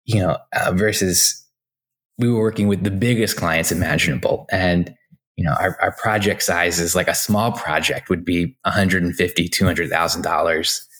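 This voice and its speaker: A man in his forties with a very deep, low voice, talking casually as an interview guest. He tells his stories loosely, with lots of fillers and restarts, and the delivery stays relaxed and conversational. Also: normal speed. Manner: chatty, anecdotal, many fillers and restarts, laughs often. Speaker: interview guest, design executive.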